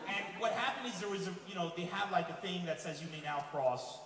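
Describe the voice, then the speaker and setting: A man from Lebanon performing a stand-up comedy set, telling stories in an animated way and acting out other people's voices. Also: high-pitched, fast. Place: comedy club stage before a laughing audience. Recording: echoey distant room mic with loud crowd noise.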